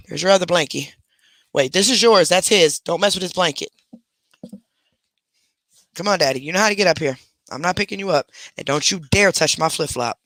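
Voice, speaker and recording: A man's voice: a little high, pushed and bright, no room sound. A man hosting a casual live stream from bed at home, rambling through stories and stopping to talk to his pets. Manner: rambling, chatty, talks to pets between stories. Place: at home in a bedroom, lying in bed.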